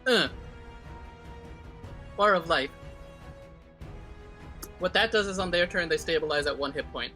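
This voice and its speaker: Man, tabletop player, higher pitch, bright tone, eager casual chat, reads rules aloud. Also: unhurried, long pauses, soft background music.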